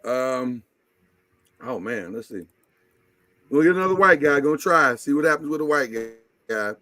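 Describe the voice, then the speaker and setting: A man's voice: mid-range voice, animated, unhurried, pushed and bright, dry recording. A man hosting a casual live-stream chat, blunt and joking as he teases his co-hosts. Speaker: host.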